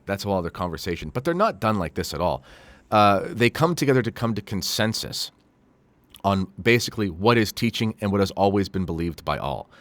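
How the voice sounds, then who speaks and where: A man's voice: low-pitched, no room sound. A man hosting a commentary show, reading quotes aloud and adding critical, sarcastic remarks with frequent fillers. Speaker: host.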